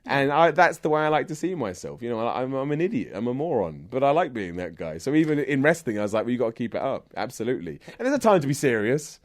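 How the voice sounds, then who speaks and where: A man's voice: medium pitch, big pitch swings, quick pace, few pauses. A man with a southern English accent, a guest in a casual interview, joking at his own expense and laughing often. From England. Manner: self-deprecating, jokey, laughs often. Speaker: guest, wrestling presenter. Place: indoors in person.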